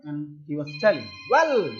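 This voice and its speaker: A male English teacher explaining a story to his students, repeating and restating words to make the meaning clear. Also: high-pitched, lively intonation, unhurried, slight background noise. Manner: addresses listeners as dear children. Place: home or classroom video lesson. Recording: dull lo-fi recording.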